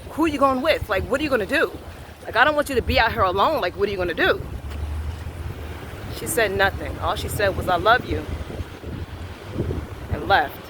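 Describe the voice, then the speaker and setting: A man with a fairly high voice tells a personal story of faith with strong feeling. He acts out each quote and swings between hushed and loud delivery. He is recording outdoors, with heavy wind noise behind him. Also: animated, brisk, long pauses. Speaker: vlogger sharing a personal faith testimony.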